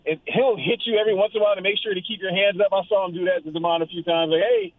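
A man's voice: high voice, steady tone, racing, dry recording. A man calling in as a guest, chatting casually and telling long, rambling stories. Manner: rambling, storytelling. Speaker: guest amateur boxer. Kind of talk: casual chat. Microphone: phone line. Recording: tinny phone line.

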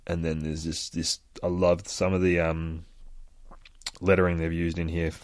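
A man retelling a comic book in a casual, profane, excitable way, laughing often. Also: low-pitched, moderate pace, dry recording.

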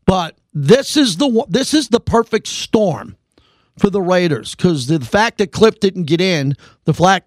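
A man hosting a sports radio talk show, speaking emphatically and building excitement. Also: high voice, no echo, studio quality. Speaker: radio host.

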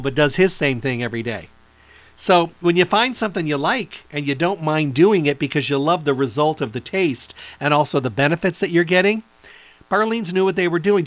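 A middle-aged man giving an enthusiastic, rambling product pitch as a nutrition presenter, reeling off long lists. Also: fairly bright tone, no room sound, muffled recording.

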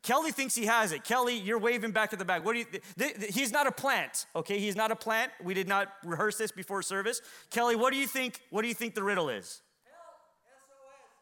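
A man preaching a sermon to a church congregation, swinging from near-shouts down to low, quiet lines. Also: animated, quick pace, hardly any pauses. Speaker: pastor.

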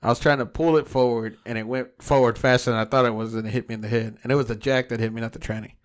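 A man's voice: mid-range voice, fairly even intonation, racing. A man co-hosting a podcast in casual, crude banter, rambling and swearing and laughing often. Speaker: podcast co-host.

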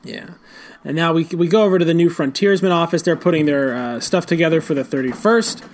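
A man's voice: on the high side, fairly quick. A man co-hosting a casual podcast about a comic book, rambling through panels with a loose, filler-heavy manner. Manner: rambling, lots of fillers, laughs into impressions. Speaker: podcast co-host.

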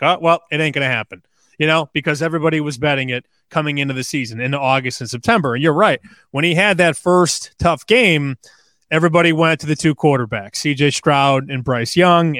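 A man's voice: on the high side, a bit bright, no room sound, studio quality. A man appearing as a sports betting analyst guest on a radio show, talking in a conversational, storytelling way. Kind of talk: radio interview.

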